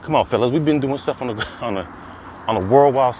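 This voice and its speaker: A man's voice: medium pitch, a little fast, darkish tone, lo-fi sound, a little hiss or hum. A man delivering an impassioned monologue, preaching with repeated rhetorical questions that climb to emphatic peaks. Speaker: commentator.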